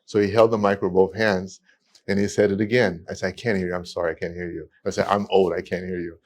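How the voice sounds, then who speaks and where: A man, a podcast guest telling stories in a lively way with many restarts. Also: sits low, fast talker. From United States. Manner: animated storytelling with many restarts. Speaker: guest, immigration attorney. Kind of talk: casual podcast conversation.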